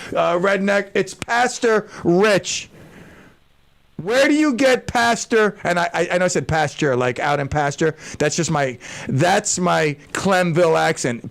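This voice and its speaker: A male radio show host chatting in a rambling, excitable way from his studio, calling out shout-outs to listeners. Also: sits high, creaky. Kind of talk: casual radio chat. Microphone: studio microphone.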